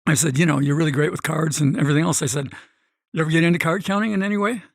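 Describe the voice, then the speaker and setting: Middle-aged man, gravelly voice, fairly high, animated storyteller, dry close sound. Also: rapid-fire, no echo. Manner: animated, acts out quoted voices. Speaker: guest, gambling expert. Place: podcast studio.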